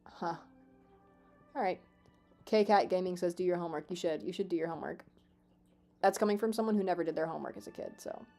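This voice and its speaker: A woman in her twenties streaming a game, chatting casually with her viewers, swearing freely, excitable and self-mocking. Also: lowish voice, a little fast, long pauses, soft background music. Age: 20s. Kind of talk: casual live-stream chat.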